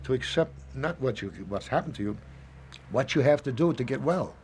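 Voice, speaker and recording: A man in his seventies speaking in an interview, rambling and halting, often acting out little snatches of dialogue. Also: medium pitch, lively intonation, a little mellow, a little hiss or hum. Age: 70s. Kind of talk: reflective interview talk.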